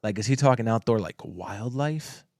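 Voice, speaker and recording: A man's voice: mid-range voice, expressive, normal speed, a little mellow, no echo, clean studio sound. Profane storytelling podcast co-host man. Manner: profane, storytelling, laughs often. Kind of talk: casual chat.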